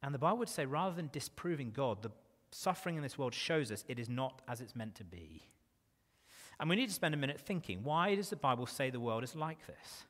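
A man preaching a sermon in a church, earnest and dropping to a hush on key phrases. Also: medium pitch, sing-song, brisk. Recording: long reverb of a church hall.

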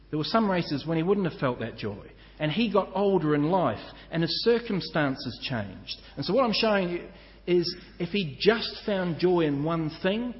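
A man preaching a sermon as pastor, earnest and measured, slowing down to stress each point of a list. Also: a little high. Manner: earnest, measured preaching with slow emphatic lists. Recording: muffled church hall with long reverb.

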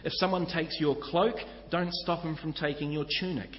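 A man's voice: on the high side, fairly even intonation, moderate pace. A man preaching a sermon, earnestly teaching and speaking directly to his listeners. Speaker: pastor. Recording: echoey hall, slightly dull sound.

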